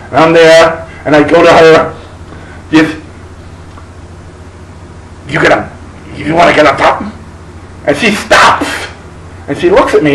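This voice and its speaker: A man's voice: a little high, roomy sound, very noisy. A middle-aged man telling a crude, profane story as a stand-up comedian, laughing at his own jokes. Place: live stage.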